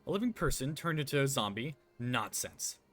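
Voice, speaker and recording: A man putting on a pompous, grandstanding gentleman inspector. He declaims every line theatrically, in a bright, forward voice. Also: mid-range voice, big pitch swings, moderate pace, faint music behind. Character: pompous male self-styled inspector.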